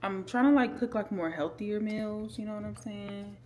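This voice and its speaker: A woman in her twenties, a vlogger, does a casual storytime while cooking in her home kitchen, talking bluntly and profanely straight to her viewers. Her voice is mid-range at normal speed. The room is echoey, and background noise is loud.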